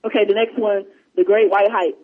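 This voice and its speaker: A man chatting casually and retelling movie scenes in a rambling, animated way. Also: high voice, brisk. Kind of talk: casual chat. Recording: muffled lo-fi audio.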